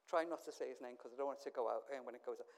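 A pastor preaching through anecdotes. He acts out each exchange in quick back-and-forth and breaks off into wry, self-deprecating asides. His delivery is casual and conversational rather than grand. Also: medium pitch. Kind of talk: storytelling sermon.

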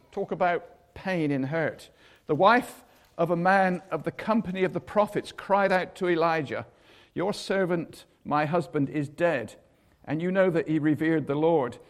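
An older man giving a chatty sermon, acting out the people in the stories. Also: a little high. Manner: chatty, acts out quotes in voices. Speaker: preacher.

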